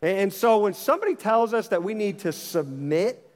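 A man's voice: high voice, sing-song, moderate pace, big-room sound. A man preaching a sermon as pastor, emphatic and repeating his phrases with frequent restarts.

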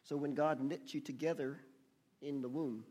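Husky, mellow-voiced male preacher. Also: on the high side, steady tone. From United States. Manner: reads scripture slowly and emphatically, asks the congregation questions. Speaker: pastor. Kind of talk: sermon. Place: church.

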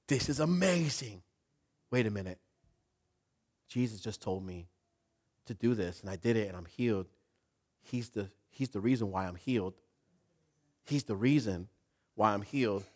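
A man voicing a healed male leper, shouting praise at the top of his lungs. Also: fairly low pitch, expressive, normal speed, pauses often. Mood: amazed. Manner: shouting loudly.

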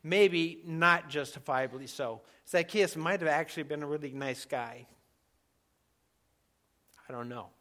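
A man preaching a sermon in a conversational, emphatic way, dropping to soft asides now and then. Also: on the high side, unhurried, long pauses. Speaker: pastor.

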